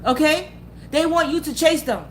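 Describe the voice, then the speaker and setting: A woman's voice: high-pitched, normal speed, slight background noise. Blunt, profane woman ranting with emphasis. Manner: blunt, profane, emphatic, repeats her points; asks the listener for agreement again and again. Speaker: motivational vlogger. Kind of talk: unscripted motivational rant.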